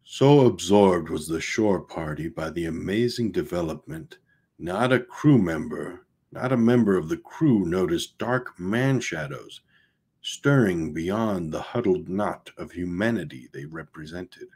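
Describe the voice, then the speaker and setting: A man reading a novel aloud in a low, husky voice. He reads slowly and plainly, stopping to restart a line or to add a casual aside. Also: lively intonation, a little mellow. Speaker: audiobook reader.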